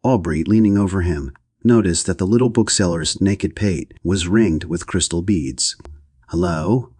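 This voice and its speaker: A man reading a classic novel aloud as an audiobook narrator, in a steady, even manner. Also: deep voice, moderate pace, slightly rough, dry recording, studio quality.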